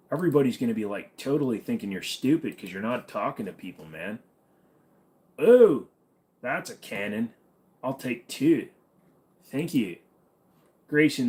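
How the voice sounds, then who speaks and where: Brief: young male streamer, casual, crude, quick jokes, mid-range voice. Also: medium pitch. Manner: joking, profane, answers chat questions. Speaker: livestream host reading viewer questions. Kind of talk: casual livestream Q&A.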